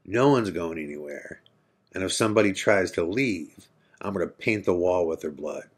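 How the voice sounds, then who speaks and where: A man's voice: sits low, animated, normal speed, slightly rough. A man putting on the voice of an unhinged, threatening young man in a story he tells. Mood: menacing. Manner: snarling, threatening.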